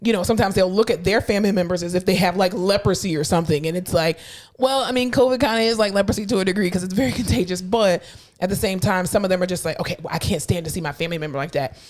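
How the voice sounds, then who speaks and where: A woman co-hosting a casual podcast, a hospital clinician telling blunt, animated work stories full of acted-out quotes. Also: mid-range voice, fast. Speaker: podcast co-host. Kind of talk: casual chat.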